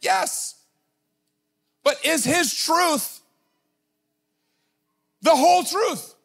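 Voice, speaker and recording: High-voiced man preaching emphatically. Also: drawn-out words, vocal fry, fairly bright tone. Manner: emphatic, conversational preaching with many filler "like"s. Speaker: pastor. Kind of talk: sermon.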